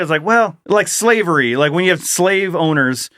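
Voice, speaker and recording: A middle-aged man co-hosting a podcast in loose, casual chat. His voice sits a little high for a man, and it sounds dry and close with no room around it. He rambles and swears freely. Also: animated, normal speed, a bit bright, dry recording. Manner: rambling, swears freely, reads listener emails aloud. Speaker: podcast co-host.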